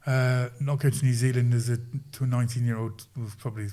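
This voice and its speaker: A man guest on a podcast, telling stories in an animated, casual way and acting out quoted voices. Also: mid-range voice, quick pace. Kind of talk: casual storytelling.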